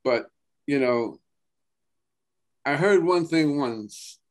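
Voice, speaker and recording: A man with a New Jersey accent, a guest actor chatting casually, halting often and restarting his sentences, with plenty of swearing. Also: a little high, animated. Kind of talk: casual chat.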